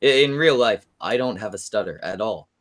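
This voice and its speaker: A man co-hosting a comedy stream, his voice bright and forward. He teases the host in a mock-formal tone and reads chat comments aloud. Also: lowish voice, animated, normal speed. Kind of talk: improvised comedy banter.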